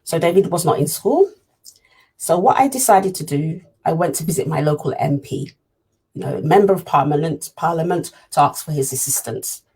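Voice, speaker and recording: Woman, parent telling her story; husky, earnest, repeats herself for emphasis. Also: low-pitched, warm tone. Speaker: parent sharing her experience. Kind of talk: personal storytelling talk.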